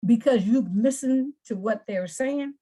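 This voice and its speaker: A woman's voice: on the high side, a little slow, dark tone. A woman anger management coach in an interview, explaining earnestly with examples and often repeating words.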